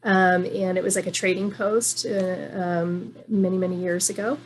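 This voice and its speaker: A woman chatting casually as a guest from Reno, halting, with many fillers and restarts. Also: fairly low pitch, flat delivery, slight background noise. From moved to Nevada from elsewhere. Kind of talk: casual online chat.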